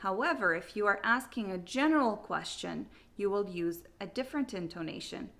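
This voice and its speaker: A woman teaching an English grammar lesson, drilling example sentences slowly and exaggerating the rise on questions. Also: mid-range voice, lively intonation, creaky, fairly bright tone.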